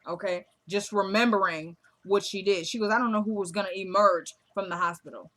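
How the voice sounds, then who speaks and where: A woman's voice: mid-range voice, fairly quick. Chatty woman recapping a TV episode. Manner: retells scenes as quoted dialogue, chatty and animated. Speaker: show recap vlogger.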